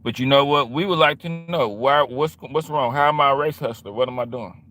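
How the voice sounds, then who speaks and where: A man's voice: medium pitch, brisk, sharp tone. A man hosting a livestream, talking back to his chat in a confrontational, repetitive and slangy way. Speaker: livestream host.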